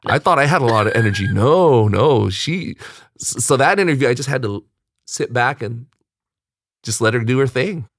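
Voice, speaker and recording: A man hosting a podcast in casual chat, animated and quick to laugh, often jumping up high for emphasis. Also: dry recording. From United States. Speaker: podcast host. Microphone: studio mic.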